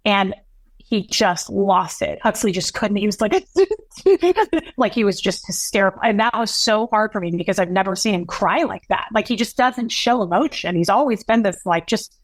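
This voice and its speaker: On a podcast, a woman in her thirties tells an emotional story from her own life, earnest and halting, often restarting and quoting dialogue. Her mid-range voice is expressive, and there's no echo.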